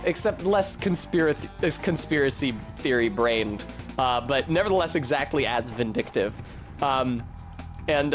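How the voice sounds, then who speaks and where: Sardonic rambling young man streaming. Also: mid-range voice. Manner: rambling, sardonic, swears freely. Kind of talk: casual chat while playing a video game. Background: faint game music.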